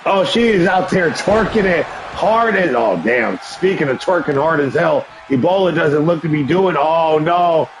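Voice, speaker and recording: A man hosting a live stream, calling play-by-play for a wrestling video game in an excitable, often shouting way, with chatty asides to viewers. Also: fairly high pitch, a little slow, hardly any pauses, slight background noise, poor audio. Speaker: livestream host and commentator.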